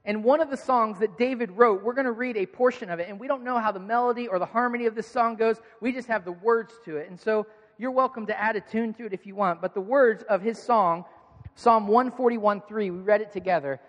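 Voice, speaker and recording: A man with a notably high-pitched voice preaches in an easy, conversational way, earnest and animated as he speaks to his congregation. His voice carries a long reverb from a large hall. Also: fairly quick, highs cut off. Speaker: pastor. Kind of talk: sermon.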